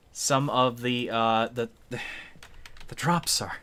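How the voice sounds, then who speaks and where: A man commentating his own live game stream, talking slowly and unhurriedly in a middle-pitched voice. He swears freely, rants when annoyed and drifts into muttering as he sorts his gear, with keyboard typing now and then. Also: fairly bright tone, smooth.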